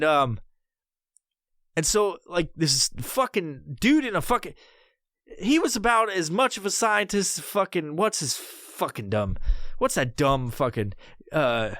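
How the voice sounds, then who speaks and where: A man's voice: sits high, a bit bright, no room sound, studio quality. A man in his thirties hosting a podcast, telling a comedic story in a rambling, heavily profane way. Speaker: podcast host.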